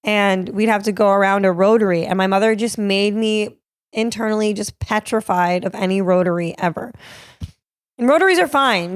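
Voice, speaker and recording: A woman from Cape Cod hosts her own podcast, spinning casual stories full of swearing and laughter. Her voice sits in the middle range, and the sound is dry and close to the mic with no room echo. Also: medium pitch. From Cape Cod, Massachusetts. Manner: profane, laughing, animated storyteller. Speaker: podcast host and comedian. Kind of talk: casual storytelling.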